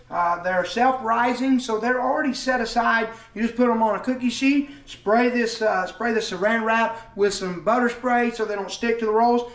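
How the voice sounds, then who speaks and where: Folksy high-voiced man cooking. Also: a bit bright, echoey room. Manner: folksy, chatty, joking asides. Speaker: cooking vlogger and preacher. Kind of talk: casual cooking demonstration. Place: home kitchen.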